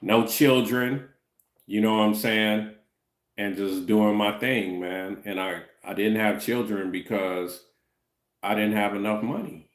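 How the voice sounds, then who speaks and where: A man's voice: on the low side, fairly even intonation, unhurried, reverberant. A man in his fifties chatting loosely on a livestream, answering viewers' chat comments and often tacking on "you know what I'm saying". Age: 50s.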